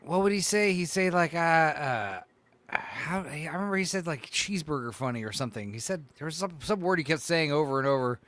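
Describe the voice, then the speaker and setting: Rambling, profane man, slightly high voice. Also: animated, fairly quick, a bit bright, no room sound. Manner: rambling, profane, lots of "like" and "you know". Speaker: podcast co-host. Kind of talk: casual chat.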